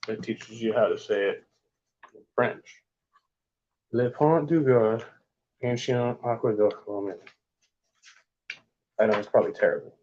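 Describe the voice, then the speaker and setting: A man casually reading book passages aloud in a vlog, with offhand asides and halting attempts at French. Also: fairly low pitch, darkish tone, breathy edge, highs cut off. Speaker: vlogger.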